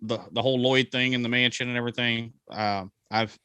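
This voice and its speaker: A man's voice: medium pitch, fairly even intonation, fairly quick, bright, forceful tone, smooth, dry recording. A man, co-hosting a casual movie review podcast and rambling with jokes and fillers. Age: 40s. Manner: rambling, jokey, many ums and uhs. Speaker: podcast co-host.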